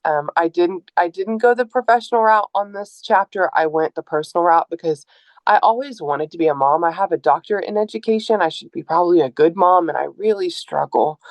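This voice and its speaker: A woman in her forties, an author and educator, talking candidly and earnestly to a live audience, often pausing on um and uh. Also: on the low side, no echo. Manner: earnest, open, with frequent um and uh. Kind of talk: candid personal talk at a book event.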